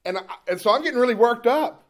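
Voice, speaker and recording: A man preaching a sermon as pastor, moving from calm, conversational storytelling into loud, impassioned preaching. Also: extremely high pitch, fast.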